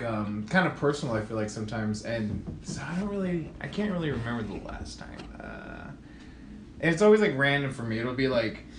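A man's voice: medium pitch, roomy sound, slight background noise. A man co-hosting a podcast, rambling and hesitating as he thinks aloud in casual chat. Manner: rambling, laughs often, hesitant. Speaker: podcast co-host.

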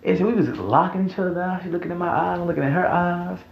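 A young man from Mississippi with a Southern accent, telling a profane, animated story in a casual storytime vlog. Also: sits high, fast, gravelly. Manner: profane, animated, laughing, repeats himself. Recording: echoey room, dull audio, faint hiss.

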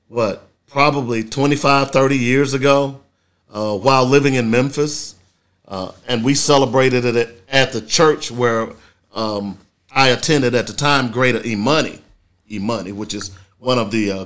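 A man's voice: mid-range voice, a bit bright. A middle-aged man hosting a casual solo talk show, speaking in an emphatic, preachy way, often checking in with "okay?". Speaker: host.

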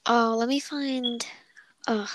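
A woman's voice: a little high, steady tone, takes it slowly, background noise. A young woman co-hosting a casual chat, giggly and rambling, often cutting herself off mid-sentence. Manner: giggly, rambling, self-interrupting. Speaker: podcast co-host.

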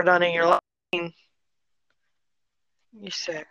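A woman's voice: fairly low pitch, very animated, a little slow, pauses often, dry recording, lo-fi sound. A woman co-hosting a podcast, reacting bluntly in casual chat and swearing freely.

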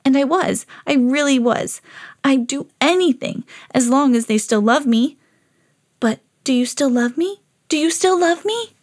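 A woman's voice: high-pitched, measured pace, voice pushed up. A woman reading a children's storybook aloud as a lovable, eager female pet dog. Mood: earnest. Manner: earnest storybook reading, rising excitedly.

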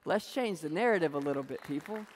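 A man giving a humorous, animated sermon, telling a story and acting out voices. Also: a little high, fast, long reverb tail, some chatter behind, a little hiss or hum. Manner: animated, jokey, acts out voices.

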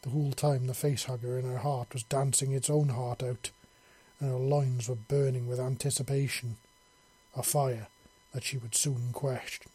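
A man narrating an audiobook story in a steady storytelling manner. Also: mid-range voice, normal speed, breathy edge.

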